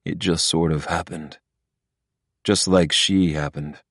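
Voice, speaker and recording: A man with a very low voice reads a first-person audiobook in a gruff, brooding manner, with frequent cursing. The read is close to the mic and dry, without room echo. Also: steady tone, slow pace, fairly bright tone. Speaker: audiobook narrator.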